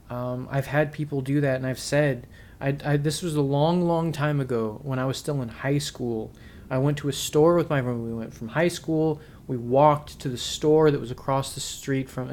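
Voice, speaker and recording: A young man talking earnestly to camera about friendship, pausing and restarting often as he searches for words. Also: medium pitch. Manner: earnest, halting, many restarts. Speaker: vlogger. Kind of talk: reflective personal talk to camera.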